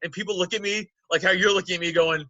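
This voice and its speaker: A man in his thirties hosting a casual podcast, swearing freely and laughing often. His voice is high and very bright. He is recorded close on a dry mic. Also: fast talker, no echo, highs cut off. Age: 30s. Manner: profane, animated, laughs often. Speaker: podcast host. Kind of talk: casual chat.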